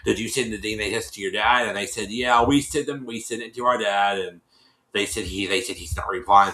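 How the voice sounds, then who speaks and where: Recap host, male, bright and forceful voice, rambling and repetitive, roomy echo. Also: lowish voice, brisk. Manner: rambling, repeats and restarts phrases; acts out quoted people in shifting voices. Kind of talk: casual recap chat.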